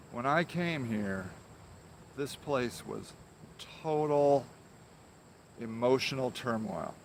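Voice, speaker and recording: A man hosting a casual talk to camera in a garden, speaking gently and haltingly with many ums. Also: mid-range voice, slight background noise. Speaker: host. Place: outdoor garden.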